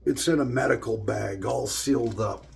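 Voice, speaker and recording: A middle-aged man tells casual stories straight to the camera in a loose, joking way, with plenty of profanity. His voice sits at an ordinary middle pitch for a man. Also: moderate pace, vocal fry. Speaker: vlogger. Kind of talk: casual storytelling monologue.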